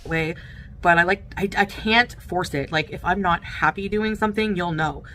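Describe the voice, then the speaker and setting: A woman's voice: lowish voice, normal speed, a bit bright, slight background noise. A woman content creator talking to her audience, hesitant and filler-heavy. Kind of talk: talking-to-camera vlog clip.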